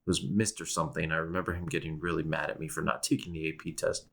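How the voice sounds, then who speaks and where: A young man with a very deep voice, co-hosting a casual podcast. He rambles, restarts his sentences and laughs often as he chats. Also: little pitch movement, quick pace, vocal fry, fairly bright tone. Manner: rambling, self-interrupting, with frequent restarts and laughs. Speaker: podcast co-host. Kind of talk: casual chat.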